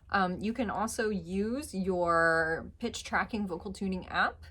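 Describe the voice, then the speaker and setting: A woman teaching a singing lesson, patiently explaining pitch and demonstrating notes with her voice. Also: a bit bright. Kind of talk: vocal lesson.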